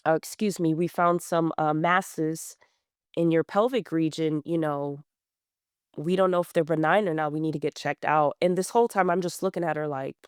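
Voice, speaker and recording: A woman's voice: deep voice, smooth, no room sound, studio quality. A woman in her thirties, a podcast guest, telling her story in a blunt, plain-spoken way with many fillers and restarts. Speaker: guest runner. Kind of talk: candid conversational storytelling.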